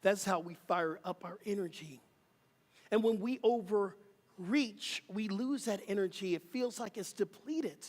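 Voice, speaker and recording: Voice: mid-range voice, a little slow, darkish tone, in a large hall. A minister preaching a sermon, emphatic and rhythmic, leading the congregation in call and response. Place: church sanctuary.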